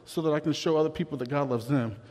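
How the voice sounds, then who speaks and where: A man's voice: fairly high pitch, quick pace, a little mellow, long reverb tail, lightly acted. A man voicing a cheerful, friendly older woman cashier with a sing-song manner. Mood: earnest.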